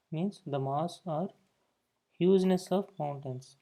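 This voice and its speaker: A man's voice: fairly high pitch, a little slow, dark tone. A man teaching a grammar lesson, explaining points and often saying "okay" between them. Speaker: English teacher.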